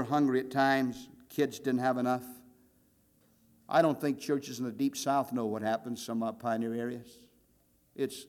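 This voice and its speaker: An older man preaching a sermon, telling folksy stories and acting out voices in quoted dialogue. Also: medium pitch. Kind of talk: sermon with storytelling.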